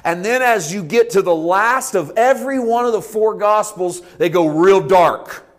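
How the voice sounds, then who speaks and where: Animated man preaching a casual sermon. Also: normal speed. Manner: animated, conversational preaching with sweeping pitch and volume swings.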